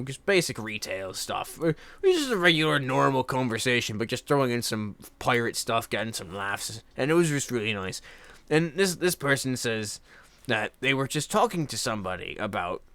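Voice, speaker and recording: A young man with a bright, forceful voice tells casual stories in a loose, rambling way. He swears freely, laughs between lines and acts out the people he met. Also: lowish voice, animated, moderate pace. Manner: rambling, swears a lot, laughs often, mimics others. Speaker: host. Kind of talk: casual storytelling.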